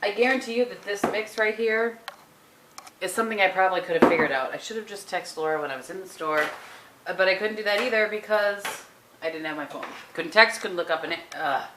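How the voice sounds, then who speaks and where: A woman's voice: medium pitch, brisk. A woman, rambling casually through a home vlog from her kitchen. She is chatty and throws in self-deprecating asides. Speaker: vlogger. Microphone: handheld compact camera. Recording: noisy home camera audio.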